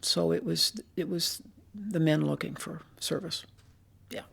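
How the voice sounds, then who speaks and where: An older woman, a retired police commander, recounting her years on the force in a measured, reflective interview. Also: low-pitched, vocal fry, fairly bright tone, breathy edge. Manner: measured, reflective storytelling with pauses. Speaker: retired police assistant chief.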